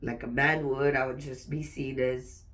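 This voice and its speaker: A woman's voice: extremely low pitch, fairly even intonation, a bit bright, recorded from a distance. A woman venting in a personal vlog while fighting back tears, swearing often and stopping mid-sentence to restart. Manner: raw, swearing, halting restarts.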